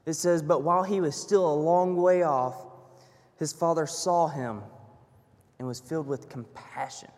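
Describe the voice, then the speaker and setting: A man with a high voice preaching a sermon, earnest and storytelling. He swings from hushed passages to emphatic ones. His voice rings with the long reverb of a hall. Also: fairly even intonation, unhurried.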